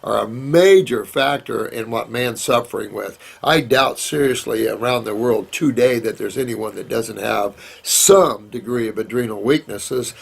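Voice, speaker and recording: In a casual live Q&A, a middle-aged man talks in a rambling, down-home way, calling the people watching "sweetheart" and "honey." He has a mid-range voice that's slightly rough with vocal fry.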